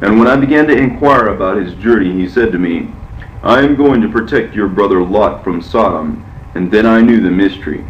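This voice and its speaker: An old patriarch speaking tenderly to his son and wife, read by a man. The low voice moves slowly and solemnly. It sounds a little muffled, with faint ambience behind it. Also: slight background noise, close to an everyday voice. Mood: earnest. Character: aged patriarch, tender father and host. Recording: echoey, muffled, from far off.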